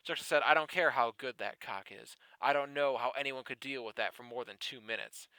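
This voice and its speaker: A man with a bright, ringing voice reads a ridiculous fan fiction story with mock solemnity. He keeps a straight face, then slips into laughing asides. The sound is dry and close, with no room around it. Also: mid-range voice, fairly quick, clean tone, no room sound, poor audio. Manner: mock-serious narration broken by laughing asides. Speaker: podcast host reading fan fiction aloud. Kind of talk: comedic dramatic reading.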